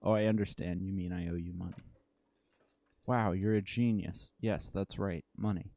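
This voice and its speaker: A man's voice: sits low, steady tone, normal speed, creaky, mellow. A man reading the part of a sarcastic, prickly male hotel manager who talks in a haughty mock-aristocratic way.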